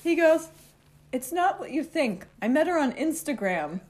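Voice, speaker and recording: A young woman with a high-pitched voice tells a personal story as a guest in a casual talk, recounting it animatedly and laughing often. Background noise can be heard.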